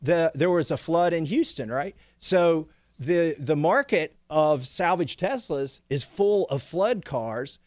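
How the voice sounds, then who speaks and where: A man's voice: fairly high pitch, expressive, slow pace, hardly any pauses, darkish tone, dry recording. A man, a congressman and guest, chatting casually and telling stories with frequent laughter. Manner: chatty storyteller, laughs often. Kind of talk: casual chat.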